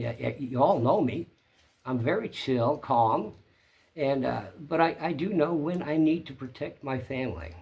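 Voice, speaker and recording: A man's voice: mid-range voice, creaky. Plainspoken man telling a story. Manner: plainspoken, rambling retelling. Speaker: channel host. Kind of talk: casual storytelling to camera.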